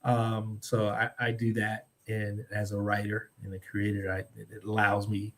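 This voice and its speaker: A man who is a writer and a podcast guest, speaking in a measured, thoughtful way with frequent pauses and ums. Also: lowish voice, gravelly. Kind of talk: reflective podcast conversation.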